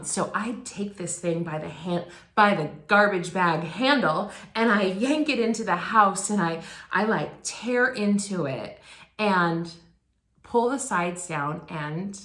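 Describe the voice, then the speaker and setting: A woman in her forties preaches by telling a story, in a casual, conversational way with plenty of ums and self-corrections. Her voice sits at a mid pitch. It rings out in a roomy, echoing church hall. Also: a bit bright. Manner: conversational, many fillers and restarts. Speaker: guest speaker. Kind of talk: personal storytelling sermon.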